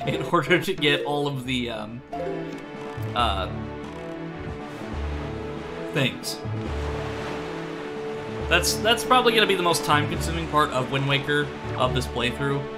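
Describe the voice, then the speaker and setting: A man streaming a video game, chatting casually in a rambling, self-deprecating way and laughing often, with game music behind. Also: medium pitch. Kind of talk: casual let's-play commentary.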